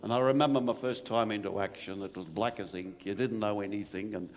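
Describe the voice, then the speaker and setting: A man performs an old Australian bushman spinning a long war yarn, his voice sitting low and carrying the long reverb of a performance hall. He rambles and stammers, doubling up on his "and, and" as the memories tumble out in a storytelling monologue. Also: a little fast, soft background music, lightly acted. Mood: reminiscing. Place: live performance venue.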